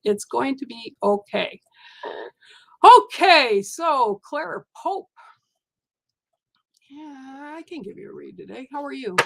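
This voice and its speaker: A woman with a gravelly, creaky voice reads oracle cards live for her viewers. She speaks gently and reassuringly, wandering off on tangents now and then. The sound is close and dry. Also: sits high, lively intonation, slow, pauses often, dry recording. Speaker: spiritual card reader. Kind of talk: live oracle card reading.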